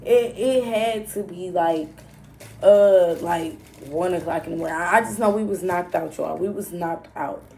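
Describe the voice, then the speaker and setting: Gravelly-voiced young woman telling a story. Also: fairly low pitch, a little slow, dark tone, slight background noise. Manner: blunt, profane, talks straight to viewers. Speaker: vlogger. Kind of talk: casual storytime monologue.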